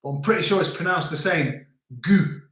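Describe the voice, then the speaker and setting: A man's voice: a little high, fast, bright, forceful tone, echoey room. A man from the UK casually chatting on a livestream, joking and reading out viewer comments. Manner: jokey, reads out viewer comments. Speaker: livestream host.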